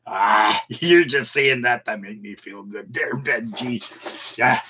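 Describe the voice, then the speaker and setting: A man's voice: medium pitch, takes it slowly, pushed and bright, slight background noise. A middle-aged man hosts a casual live stream from his home computer, chatting folksily with viewers, mocking himself and chuckling often.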